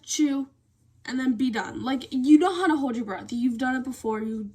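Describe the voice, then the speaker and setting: Husky-voiced teenage girl ranting. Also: high-pitched, moderate pace, warm tone. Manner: blunt, exasperated ranting with constant "like" fillers. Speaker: vlogger. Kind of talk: casual rant to camera.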